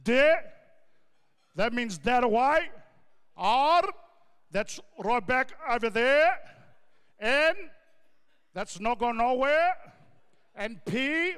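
A man voicing a gruff immigrant father who barks orders in broken English. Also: very high-pitched, lively intonation, slow pace, long pauses, a bit bright, in a large hall, heavily acted. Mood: bossy.

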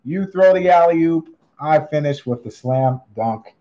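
A man hosts a live coin auction, stretching out his bid calls with an upbeat patter. His delivery is unhurried and his tone is soft and mellow, sitting a touch higher than usual. The recording sounds dull and lo-fi. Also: animated. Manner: drawn-out bid calling, upbeat hype. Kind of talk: live online auction calling.

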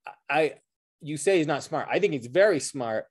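A man co-hosting a podcast in casual political chat, halting and repeating words as he thinks aloud. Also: a little high, expressive. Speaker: podcast co-host.

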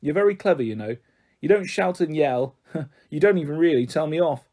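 A man's voice: a little high, lively intonation, normal speed, warm tone. A man reading the part of a shy, anxious young schoolgirl in an audiobook, with a worried, self-doubting manner. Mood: earnest. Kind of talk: audiobook character voice.

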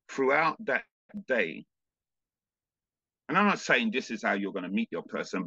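A pastor with a lowish voice tells a personal story as a sermon, pausing on fillers and chuckling along the way. He is recorded close and dry, and the sound is a little dull and lo-fi. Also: fairly bright tone, no echo. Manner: storytelling, laughs often, halting with fillers. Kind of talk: sermon testimony.

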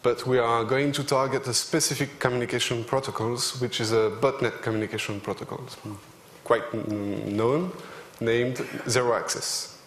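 A young man with a French accent giving a technical conference talk, relaxed and joking lightly with the audience. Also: mid-range voice, moderate pace. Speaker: conference speaker. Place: large conference hall. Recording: echoey lecture hall with a faint hum.

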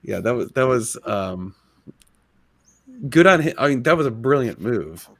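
A man with a rough, smoker-like voice hosts a casual livestream, rambling easily and filling the gaps with "like" and short laughs. The sound is dry and close, with no room behind it. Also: mid-range voice, animated, a little slow, fairly bright tone, dry recording. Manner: rambling, laid-back, lots of fillers and laughs. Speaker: host.

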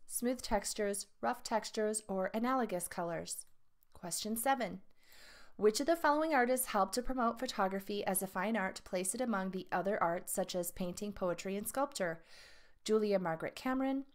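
Female art teacher, reads test items and lesson text to her class, average pitch. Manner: reads questions and answer choices aloud, adds asides to students. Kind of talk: reading a test review and lesson aloud.

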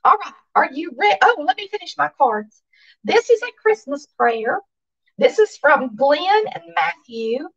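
A Southern woman hosting a cooking channel, chatting casually and excitedly to her viewers as she reads their cards aloud. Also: high-pitched, measured pace, far from the mic, muffled recording.

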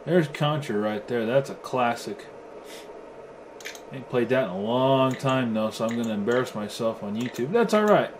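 A man giving casual gameplay commentary while reviewing a retro games console, excitable and swearing as he trash-talks the game. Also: medium pitch, normal speed, noisy background. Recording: loud game music behind the voice. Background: loud arcade game music.

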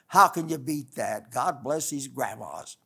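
Gravelly older man preaching a folksy sermon. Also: mid-range voice, lively intonation, unhurried, bright, forceful tone. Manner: folksy, rambling preaching with restarts. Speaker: pastor.

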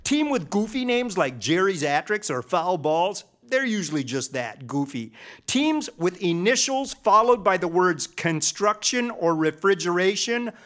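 Man, middle-aged, high voice, wry comic storytelling, mock-epic. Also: very animated, a little slow, a bit bright.

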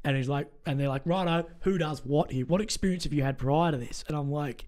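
A young Australian man telling stories in a relaxed chat, with lots of fillers. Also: a little high, a little fast, hardly any pauses. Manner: chatty storytelling, many fillers. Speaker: host. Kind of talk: casual chat.

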